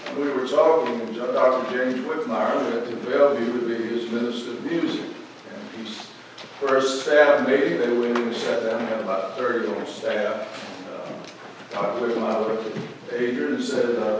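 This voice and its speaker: A man delivers a folksy sermon from the pulpit of a large church sanctuary, his mid-range voice swelling into emphatic bursts. He sounds far from the mic, with heavy echo filling the hall. A steady wash of room noise sits underneath. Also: medium pitch, normal speed. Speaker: pastor.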